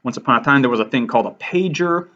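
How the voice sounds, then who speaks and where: A man's voice: mid-range voice, lively intonation, quick pace, sharp tone, highs cut off. Casual man teaching a writing lesson. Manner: casual, self-deprecating asides. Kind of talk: lesson over slides.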